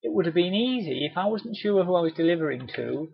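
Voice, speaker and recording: Male presenter, chatty and encouraging, husky and dry, webinar mic. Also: high-pitched, animated, fast, hardly any pauses, dry recording. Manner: chatty, encouraging, acts out cheery doorstep greetings. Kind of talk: live webinar training. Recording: dull, lo-fi webinar audio.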